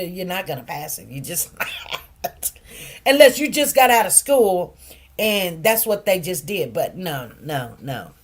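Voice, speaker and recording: A middle-aged woman talking casually on a livestream, telling stories with lively, preacherly emphasis that drops quieter when she turns serious. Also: medium pitch. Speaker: livestream host.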